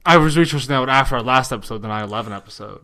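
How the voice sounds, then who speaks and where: A man co-hosting a podcast, telling jokey stories in casual chat with a deadpan edge. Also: mid-range voice, rapid-fire. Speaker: podcast co-host.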